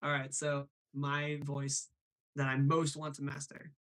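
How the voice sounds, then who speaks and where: A chatty man hosting a live stream, talking casually and laughing often. His voice sits at a middle pitch for a man. He sounds apologetic and easygoing. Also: monotone, unhurried, a bit bright. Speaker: live show host. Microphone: remote call over the internet.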